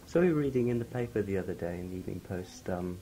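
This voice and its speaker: A man's voice: low voice, lively intonation, very fast, warm tone, low-quality recording. A man interviewing a broadcaster, asking questions hesitantly and murmuring agreement as he listens.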